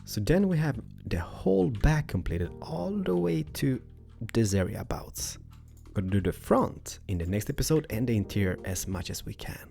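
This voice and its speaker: A young man hosting a casual building tutorial, rambling playfully with loud bursts and a voice that is wearing thin. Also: mid-range voice, sing-song, normal speed, gravelly. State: losing his voice. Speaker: host. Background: background music.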